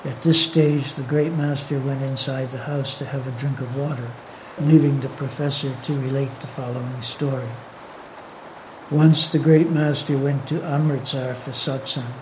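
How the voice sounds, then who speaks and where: Man narrating a tale, mellow voice. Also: mid-range voice, steady tone, normal speed, slight background noise, poor audio. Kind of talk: storytelling narration.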